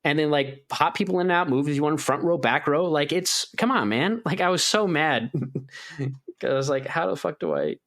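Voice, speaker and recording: A man's voice: fairly high pitch, expressive, moderate pace, a bit bright. A man co-hosting a gaming podcast in casual chat, rambling with lots of "like" and acting out his own reactions in a raised voice. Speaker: podcast co-host.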